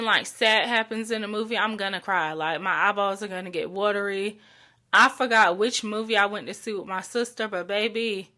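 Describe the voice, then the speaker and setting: A woman's voice: medium pitch, bright, forceful tone. A young adult woman hosting her own podcast, talking chattily and from the heart with lots of likes and ums. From North Carolina. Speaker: podcast host. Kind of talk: solo podcast monologue.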